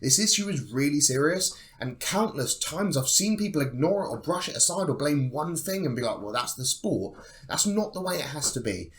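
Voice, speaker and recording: A man's voice: fairly high pitch, lively intonation, brisk, few pauses. A young man talking to the camera in an opinionated monologue, emphatic and sarcastic, with free swearing. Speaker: bodybuilding channel host.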